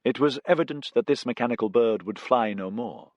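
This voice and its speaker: A man reading a science fiction audiobook as narrator, in a measured storytelling manner. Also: medium pitch, a little mellow, no echo, highs cut off. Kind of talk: scripted narration.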